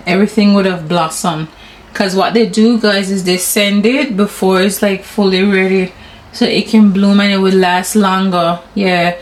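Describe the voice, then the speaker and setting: A woman in her thirties with a Caribbean English accent, chatting casually to her viewers and her husband at home, giggly and warm. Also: medium pitch, a little hiss or hum. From Caribbean, grew up in Anguilla. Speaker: vlogger. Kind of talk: casual home vlog chat. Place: home, indoors.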